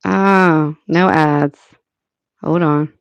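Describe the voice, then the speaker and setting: Slow-talking American woman hosting a live chat. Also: sits low, steady tone, gravelly, smooth, no room sound. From United States. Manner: chatty, thinking aloud with many fillers. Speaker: livestream host.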